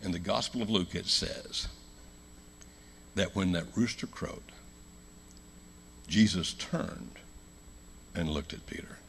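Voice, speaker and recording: An American man preaching a sermon in a church, telling a story with loud emphatic lines and hushed low ones. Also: takes it slowly, gravelly, long pauses, a little hiss or hum. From United States.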